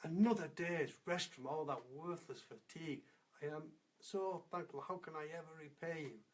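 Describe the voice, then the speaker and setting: A man's voice: fairly high pitch, moderate pace, slight background noise, lightly acted. A man voicing a lazy male bull in a storybook tale, gushing with thanks. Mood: grateful.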